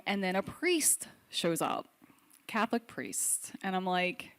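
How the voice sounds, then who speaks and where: A woman's voice: medium pitch, expressive, takes it slowly, smooth. A young adult woman telling a personal story on stage at a live storytelling event, candid and wry, with self-deprecating humor.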